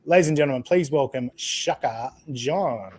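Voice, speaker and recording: A man hosting a live-stream podcast in a loose, chatty way, laughing often and filling pauses with "uh". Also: medium pitch, darkish tone. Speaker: podcast host. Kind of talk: casual live-stream chat.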